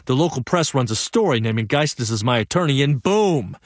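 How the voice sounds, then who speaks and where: A young actor narrating a one-man stage play as an earnest young man, telling the story in a lively, wry way. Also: medium pitch, a little fast, dry recording, studio quality, lightly acted.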